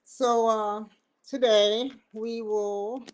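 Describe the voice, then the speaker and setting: A woman's voice: a little high, steady tone, very slow, a little mellow. A woman hosting her own livestream show, rambling and joking between topics, often breaking into laughter. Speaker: host. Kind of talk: casual livestream chat.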